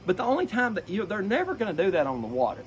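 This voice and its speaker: A middle-aged man explains duck calling in a folksy, animated way, breaking into duck-call sounds as he talks. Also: sits high, racing. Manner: folksy, animated, imitates duck calls mid-sentence. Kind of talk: casual explanatory chat with vocal demonstrations. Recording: noisy background.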